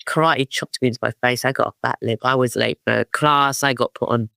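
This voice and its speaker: Gravelly London man telling stories. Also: medium pitch, steady tone, brisk, bright, forceful tone, dry recording. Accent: London English. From East London, England. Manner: rambling, many fillers and restarts. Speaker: guest. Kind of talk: casual storytelling interview.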